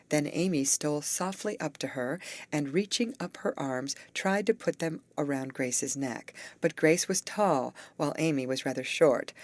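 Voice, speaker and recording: A woman narrating a graded English story for learners, reading slowly, clearly and evenly. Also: deep voice, no echo.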